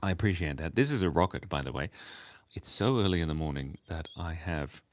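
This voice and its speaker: A man's voice: sits low, expressive, fairly quick, no echo. A sleepy man, hosting a casual live stream and rambling, giggling and joking with chat as he draws. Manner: rambling, giggly, self-mocking, talks while drawing. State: sleepy, early morning. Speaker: livestream host drawing for chat.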